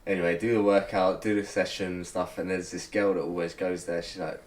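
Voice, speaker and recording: A man's voice: low voice, little pitch movement, a little fast, a little mellow, a little hiss or hum. A young man, co-hosting a podcast and telling a long story in casual, sweary chat. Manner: rambling storytelling, heavy swearing, frequent laughter. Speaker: podcast co-host.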